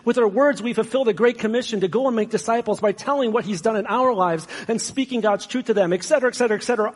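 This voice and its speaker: A man's voice: sits high, slightly rough. A man preaching a sermon as pastor, conversational and self-deprecating, with sarcastic asides. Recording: long hall reverb.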